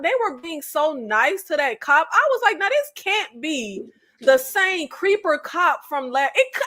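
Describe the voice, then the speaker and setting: A woman's voice: high voice, bright, forceful tone. A woman guest on a live video-call panel, emphatic and slangy, laughing as she talks. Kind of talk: live recap chat.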